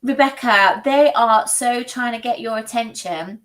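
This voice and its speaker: A woman's voice: fairly high pitch, measured pace, hardly any pauses, a bit bright, distant mic, poor audio. A British woman streaming psychic readings, chatty and emotional, often restarting her sentences. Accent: British English.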